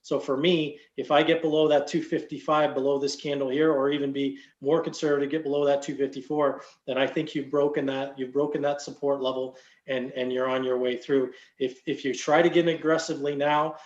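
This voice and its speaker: A man's voice: medium pitch, level tone, fairly quick, few pauses, reverberant, dull audio. A man coaching stock trades in casual chat, explaining in a loose way with many fillers. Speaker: trading coach.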